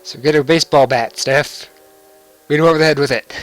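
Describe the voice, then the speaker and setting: A man's voice: on the high side, a little fast, soft background music. A young man giving casual, joking commentary over a video game and laughing often. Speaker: let's play commentator.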